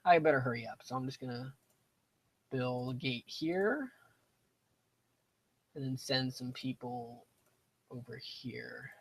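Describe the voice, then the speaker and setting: A man's voice: medium pitch, lively intonation, unhurried, long pauses, fairly bright tone, poor audio. A young man streaming a strategy game, chatting casually and drifting into side stories while talking to himself about his moves. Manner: rambling, digressive, talks to himself about the game. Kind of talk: casual gameplay commentary.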